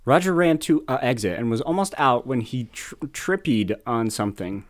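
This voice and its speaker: A man's voice: mid-range voice, normal speed. A man reading a silly story aloud over a video call, comedic and mock-dramatic. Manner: animated, giggling, mock-dramatic.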